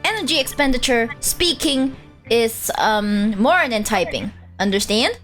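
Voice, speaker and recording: A woman voicing a terse male bomb disposal expert who talks in a flat, robotic monotone. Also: on the high side, soft background music. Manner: slow, even monotone.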